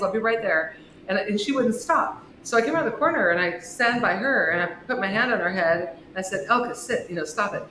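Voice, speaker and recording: A woman guest on a podcast, an author and shop owner, telling a personal story with big swings in pitch and volume. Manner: expressive storyteller with wide swings in pitch and loudness. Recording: echoey room with faint noise.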